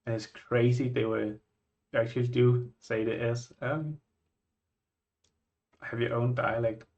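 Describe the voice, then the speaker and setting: A man from Scandinavia, a vlogger reacting to places in casual chat, musing and thinking out loud with frequent restarts. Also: mid-range voice, little pitch movement, a little slow, highs cut off.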